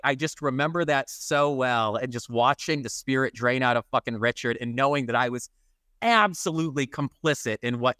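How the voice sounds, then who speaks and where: Bright, crisp man swearing through a story. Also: medium pitch, dry recording. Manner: profane, swears constantly; lively, self-mocking storyteller. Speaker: podcast co-host. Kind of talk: casual storytelling chat.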